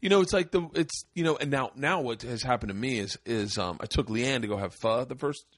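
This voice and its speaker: Speaking fairly quickly in a mid-range voice, this podcast host spins a story in loose, foul-mouthed talk and acts out the quoted lines loudly. There's no room sound, and the recording is studio quality.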